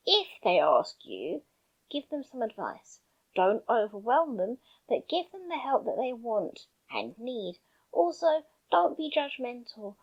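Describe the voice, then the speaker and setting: Lively earnest woman with lo-fi sound. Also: fairly high pitch. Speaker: YouTuber. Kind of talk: scripted commentary monologue.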